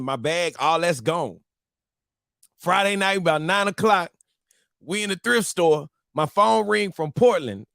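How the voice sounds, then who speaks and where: A married man hosting a live-streamed morning show, telling a story to his viewers in a casual, animated, slang-filled way. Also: a little high, dry recording, studio quality. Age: adult, married.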